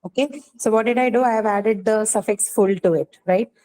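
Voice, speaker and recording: A woman's voice: medium pitch, fairly quick, warm tone, slight background noise, low-quality recording. A woman teaching a classroom lesson, asking questions and checking in with "right?" as she explains. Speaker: English teacher. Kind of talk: classroom lecture.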